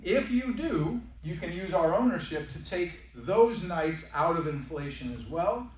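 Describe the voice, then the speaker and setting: A man giving a folksy, joking sales pitch to a room of guests. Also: lively intonation, a little slow. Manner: folksy, joking, uses y'all. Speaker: timeshare sales presenter. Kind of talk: sales pitch to a live audience. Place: presentation room. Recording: echoey room, mic at a distance.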